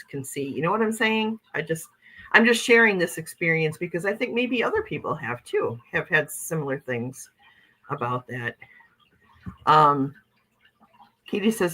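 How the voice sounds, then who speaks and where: The audio is poor, and the woman's voice is lowish with a fairly bright tone. Running a casual livestream, she reads comments from viewers and talks in a rambling, chatty way, often using "okay" and "you know what I'm saying."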